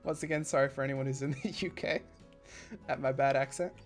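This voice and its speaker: A male game streamer chats loosely over his live stream, wandering off into stories between building steps. His mid-range voice jumps high in excited bursts, and faint music plays softly behind him. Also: a little fast. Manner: chatty and rambling, drifting into side stories. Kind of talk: casual live-stream commentary while building.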